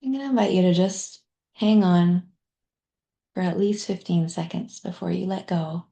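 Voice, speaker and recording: A middle-aged woman coach leading a guided body practice in a workshop, speaking gently with soft, near-whispered asides. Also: lowish voice, moderate pace, vocal fry.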